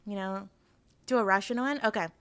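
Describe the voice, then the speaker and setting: A woman chats casually on a live stream, rambling and giggling as she talks. Her speech is full of fillers and restarts, and her voice sits at a middle pitch for a woman. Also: fairly quick, a bit bright, clear, resonant tone.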